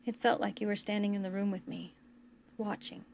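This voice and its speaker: Woman voicing a hushed, haunted young man. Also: medium pitch, fairly even intonation, vocal fry, slight background noise, lightly acted. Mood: subdued. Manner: hushed, halting near-whisper.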